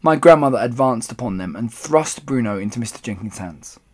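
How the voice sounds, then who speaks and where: A man narrating a children's storybook aloud in an expressive, animated way. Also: medium pitch, fairly quick. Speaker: audiobook reader.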